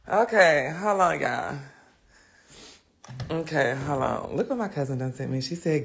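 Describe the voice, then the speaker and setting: A young woman chatting casually to viewers on a phone livestream from her bedroom, nervous and excitable, squealing, laughing and cursing freely. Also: deep voice, normal speed, vocal fry. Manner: brash, profane banter with viewers. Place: bedroom at home. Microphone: phone camera.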